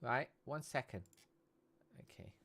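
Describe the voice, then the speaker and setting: A man's voice: medium pitch, lively intonation, takes it slowly, a bit bright. A man from Britain hosting a casual live stream, chatty and tagging "okay?" onto nearly every phrase. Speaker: livestream host and esports commentator.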